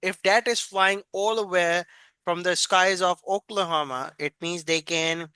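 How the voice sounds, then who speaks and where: A man's voice: sits high, fairly even intonation, measured pace, pushed and bright, clean tone, no room sound. A man hosting an interview, eager and polite, asking questions on behalf of his audience and calling his guest sir. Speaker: interview host.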